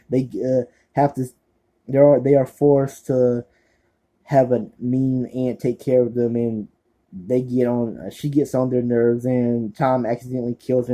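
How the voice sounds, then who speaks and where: Very dark-voiced man rambling about films. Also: medium pitch, fairly even intonation, normal speed, poor audio. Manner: rambling, many fillers and restarts; laid-back, offhand. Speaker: horror movie reviewer. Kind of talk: casual movie recommendation vlog.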